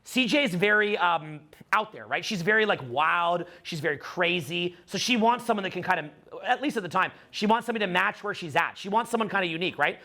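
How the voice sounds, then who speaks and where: Middle-aged man addressing a live audience, emphatic and repetitive, with a high, bright voice. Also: expressive, brisk, hardly any pauses. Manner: emphatic, repeats phrases, many fillers. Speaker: dating coach speaking to a live audience. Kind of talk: animated seminar talk.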